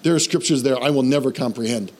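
Animated and conversational, this male pastor delivers a church sermon at a quick pace in a medium-pitched voice, asking the congregation questions as he goes.

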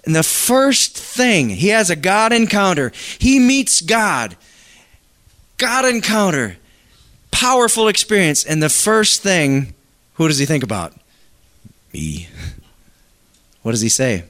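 Pastor preaching in a slightly high voice. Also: male voice, sing-song, a little slow, fairly bright tone. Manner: conversational preaching, reads scripture then asks the congregation questions. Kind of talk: sermon.

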